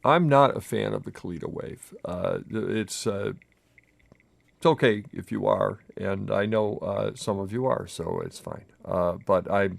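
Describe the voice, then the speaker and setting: A man with a low, gravelly voice hosts a casual coffee brewing demo at home. He talks haltingly and nervously, breaking off and restarting often. He is recorded on a camera mic with a crew nearby. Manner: halting, self-interrupting, nervously chatty. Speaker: coffee video host. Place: home kitchen.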